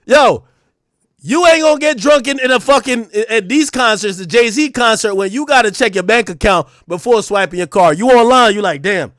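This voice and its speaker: High-voiced New man ranting to chat. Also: moderate pace, no echo, clean studio sound. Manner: animated, profane, joking, with loud outbursts. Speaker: streamer. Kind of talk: casual live-stream rant to chat.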